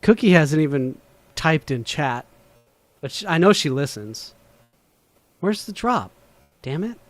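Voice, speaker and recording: Man, livestream host, rambling, swears casually, slightly high voice, dry sound, faint music behind. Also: animated, moderate pace, no echo. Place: home room.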